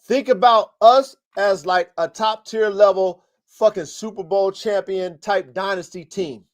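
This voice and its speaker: A man's voice: sits high, a little slow. A man hosting a live podcast, coaching dog breeders in a blunt, profane, fired-up way. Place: home studio, live stream.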